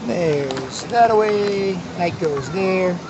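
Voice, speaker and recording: High-voiced man rambling outdoors. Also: lively intonation, extremely slow, highs cut off, very noisy. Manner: rambling and repetitive, with many restarts. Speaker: vlogger. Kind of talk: casual outdoor monologue. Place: outdoors at a big city square by the water.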